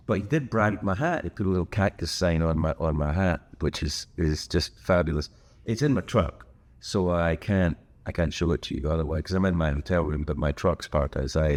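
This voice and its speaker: A deep, low-pitched older man with a Scottish accent talks to camera from a hotel room. His delivery is loose and conversational, wandering into jokes and side remarks and restarting his sentences as he goes. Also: darkish tone. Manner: rambling, joking, full of asides and restarts. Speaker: host. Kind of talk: casual solo chat to camera.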